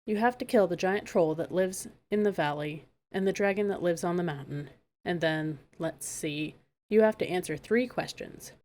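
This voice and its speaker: A woman's voice: on the low side, normal speed, darkish tone, a little hiss or hum, lightly acted. A woman reading aloud, voicing a haughty, condescending queen mother in a storybook. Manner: condescending, purring.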